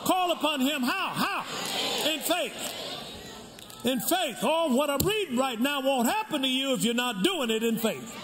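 An older man, a pastor, preaching a sermon with call and response and shouting out to the crowd. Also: lively intonation, measured pace. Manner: swings from shouts to low storytelling asides. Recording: reverberant hall, faint room noise.

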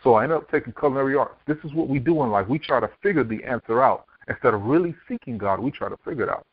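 Fast-talking man on a tinny line. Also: mid-range voice, expressive, no room sound. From Miami, Florida. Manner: vivid storyteller who acts out quoted dialogue. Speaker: podcast guest, author and speaker. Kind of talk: telling his life story in an interview. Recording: dry, tinny phone-like line.

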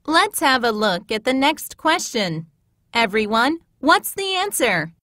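Woman, teacher-style reader of scripted classroom phrases; high, animated, unhurried, close dry studio sound. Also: no echo. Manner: clear, measured teacher-like delivery. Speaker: narrator reading phrases.

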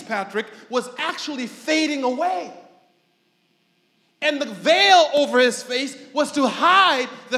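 Male pastor preaching, really high voice, acts out stories and shouts stuff, echoey church hall. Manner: animated storytelling, mimics people, shouts for emphasis. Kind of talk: sermon. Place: church sanctuary.

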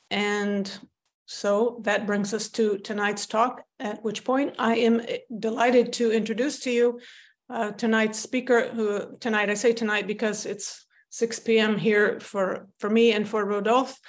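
A woman's voice: medium pitch, little pitch movement, measured pace. Woman hosting an online seminar. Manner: casual, with frequent ums. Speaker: seminar host. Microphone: video call.

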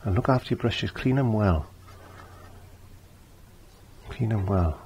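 This is an older man leading a relaxed painting tutorial. His voice sits low with a husky edge. He chats freely and circles back over his own phrases as he explains each step. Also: slow. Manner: chatty, repeats his phrases. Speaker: painting teacher.

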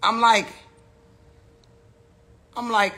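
A man's voice: extremely high pitch, steady tone, drawn-out words, pushed and bright. An American man ranting on a casual phone livestream, rambling with lots of slang, profanity and restarts. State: says he is high. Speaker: live streamer. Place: indoor room with a big screen.

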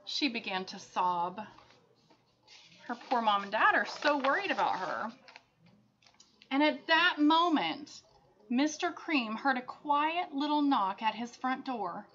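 A woman teacher reading a picture book aloud to children, expressive, with chatty asides. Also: high voice, slow pace, pauses often. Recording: dull lo-fi sound.

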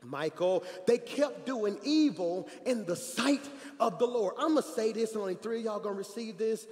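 A middle-aged man preaching an energetic sermon, telling stories and swinging from quiet asides to shouts. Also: high voice, normal speed. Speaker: pastor. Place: large church hall. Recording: reverberant church hall.

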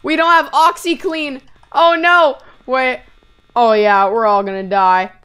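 A woman hosting a let's-play video, talking excitedly and yelping when scared, into a close gaming mic. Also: high-pitched, clean tone. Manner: excitable, jumps from scared yelps to quick chatter.

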